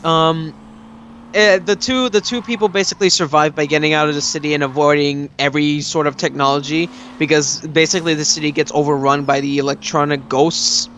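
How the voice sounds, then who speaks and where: A young man with a fairly high voice talks excitedly and rambles, packing his sentences with fillers. It is a casual gameplay chat, with faint noise underneath. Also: a little fast. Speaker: co-host of a gameplay video.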